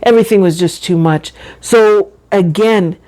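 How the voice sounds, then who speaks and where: A middle-aged woman talking slowly and deliberately in a personal vlog, carefully enunciating her words and chatting casually. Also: mid-range voice, warm tone. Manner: chatty, says y'all and you know. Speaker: vlogger.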